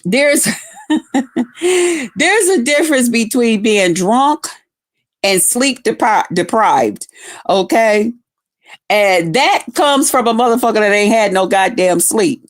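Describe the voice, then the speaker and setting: Chatting casually with her stream, this woman speaks slowly with long pauses, her voice on the high side and her intonation lively. She spins rowdy, curse-heavy stories and addresses viewers directly, calling out their names in greeting.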